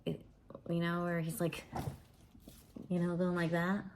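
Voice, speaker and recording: A woman's voice: lowish voice, monotone, a little slow, darkish tone, slight background noise. A woman livestreaming at home, chatting casually in a rambling way with many restarts.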